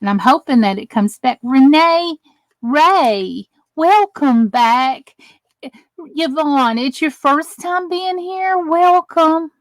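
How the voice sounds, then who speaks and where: A woman's voice: sits high, animated, takes it slowly, no room sound. Chatty woman hosting a live craft stream. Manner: chatty, greets viewers by name while working with her hands. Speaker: crafting channel host. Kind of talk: live crafting tutorial with viewer chat.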